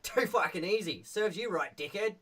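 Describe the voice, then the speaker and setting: A man's voice: high-pitched, expressive, moderate pace, a bit bright, breathy edge, voice pushed up, full character voice. A man voicing a cheeky, rude male goblin, mocking and slangy.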